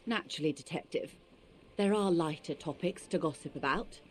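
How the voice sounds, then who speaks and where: A woman's voice: low-pitched, normal speed, a little hiss or hum, lightly acted. A woman voicing a poised, shrewd negotiator in a video game, speaking politely and with composure. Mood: composed.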